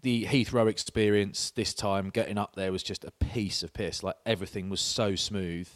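A man's voice: on the low side, steady tone, normal speed. A man, chatting on a podcast and telling stories with laughs and swearing. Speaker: podcast co-host. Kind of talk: casual chat.

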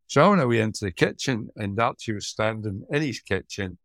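A middle-aged Scottish man, a former police officer co-hosting a podcast, chatting and telling stories in a lively, joking way. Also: on the low side, a little fast, no room sound. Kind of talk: casual chat and storytelling.

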